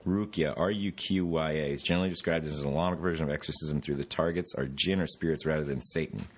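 Deep-voiced rambling podcast host. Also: male voice, fairly even intonation, fast talker. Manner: rambling, profane, tangent-prone storytelling. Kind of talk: casual chat.

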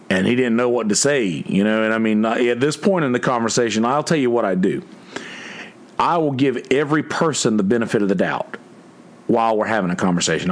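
A man, a musician telling a story to his viewers in a casual, blunt and profane way, raising his voice to quote people. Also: on the low side. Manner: profane, blunt, quoting others in a raised voice. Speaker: musician in a two-piece band.

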